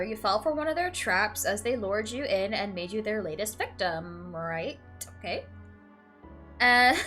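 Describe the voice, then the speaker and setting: A young woman playing a game, reading its questions aloud and reacting with emotion, often saying "like" and "literally", tearful at times. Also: on the high side. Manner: emotional, swings from flat to teary and laughing. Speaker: let's play streamer.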